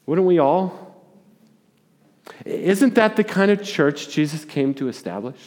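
A man preaching a sermon, telling a story in an animated way with repeated words. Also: fairly high pitch, takes it slowly, long pauses. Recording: long hall reverb.

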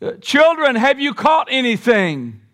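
Jesus, put on by a preacher, high and urging. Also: male voice, very animated, measured pace, fairly bright tone, full character voice. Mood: calling out. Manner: pleading, earnest, raised voice. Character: Jesus, gentle risen teacher, tender and urging.

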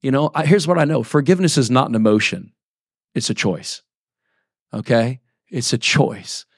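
A pastor in his forties delivers a sermon in a relaxed, chatty way, reading scripture and then breaking off to check in with the listeners. His voice sits at an ordinary middle pitch for a man. It is recorded close and dry, with no room sound. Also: normal speed, breathy edge, no echo. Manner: conversational preaching with frequent checks like "right?" and "okay?"; reads scripture aloud between plain-spoken asides.

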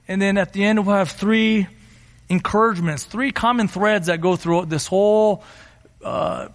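A man preaching a sermon as pastor, earnest, slowing down for emphasis and acting out quotes. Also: sits high. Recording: reverberant hall.

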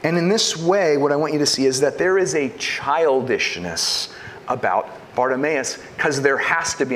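A man preaching a sermon, asking rhetorical questions and swinging between loud emphasis and hushed lines. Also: fairly high pitch, slight background noise. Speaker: pastor.

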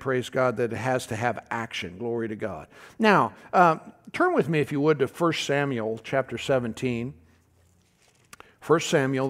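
A man delivering a sermon with a fairly high, lively voice. He stops and restarts his sentences, drops in fillers, and keeps calling questions out to his listeners. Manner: animated preacher, calls to the congregation, pitch jumps high for emphasis. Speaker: pastor.

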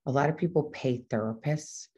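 In her solo podcast monologue, a middle-aged host speaks quickly and informally, frequently correcting herself along the way. She has a deep, warm voice.

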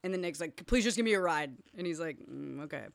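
A young woman with a fairly low voice recaps a film for her podcast. She jumps between narration and quoted dialogue, laughing and cursing freely. Her voice sounds dry and close to the mic. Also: lively intonation, quick pace, creaky, no room sound. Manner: retells scenes with quoted voices, laughs often, swears. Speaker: podcast co-host. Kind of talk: casual movie recap chat.

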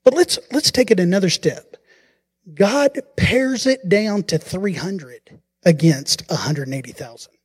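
A pastor preaching a sermon, telling the story in an animated way and acting out the quotes. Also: male voice, sits high, unhurried, breathy edge.

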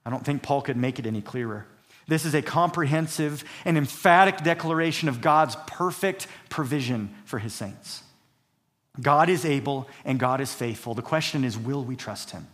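A male pastor preaches a sermon with emphasis, repeating key phrases and reading scripture aloud between points. His voice is mid-range and a bit bright, at a moderate pace.

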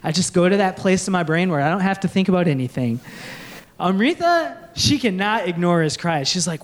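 Standing before a congregation on a church stage, a young male pastor delivers a sermon laced with humor, adopting jokey voices for quotations. He sounds animated and fairly bright, pitched high and speaking at a normal speed.

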